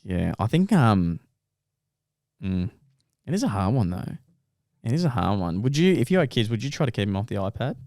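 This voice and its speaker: A man's voice: lowish voice, very animated, moderate pace, long pauses, darkish tone, dry recording, clean studio sound. A young man, co-hosting a podcast in casual chat, swearing as he tells stories and mimics other people. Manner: storytelling, swears, mimics voices. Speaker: podcast co-host.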